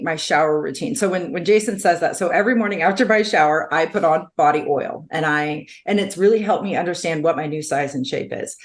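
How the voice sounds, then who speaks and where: A woman co-hosting a podcast, talking candidly and earnestly about her own experience, often repeating herself. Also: lowish voice. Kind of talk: candid conversational podcast chat.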